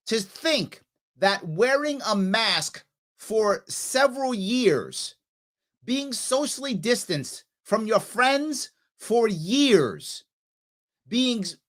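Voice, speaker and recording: A man's voice: high-pitched, fairly bright tone. A man hosting a live political commentary show, reacting with indignant sarcasm to a clip and reading viewer comments. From New York. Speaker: livestream political show host.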